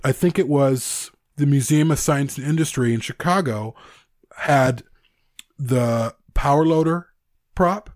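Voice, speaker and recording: A man's voice: mid-range voice, measured pace, no echo, studio quality. A man co-hosting a casual podcast, chatting and reading listener stories aloud. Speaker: podcast co-host. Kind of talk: casual fan podcast chat.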